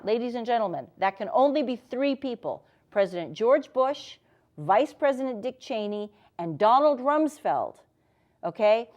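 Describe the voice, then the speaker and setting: A woman's voice: a little high, dull audio. A woman with an American accent, answering interview questions in an insistent, emphatic way. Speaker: guest, former intelligence asset.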